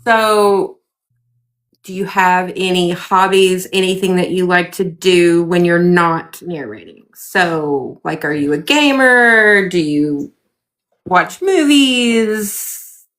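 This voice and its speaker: Lowish woman podcast host. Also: takes it slowly, a bit bright. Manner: affirming, encouraging interviewer. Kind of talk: casual interview chat.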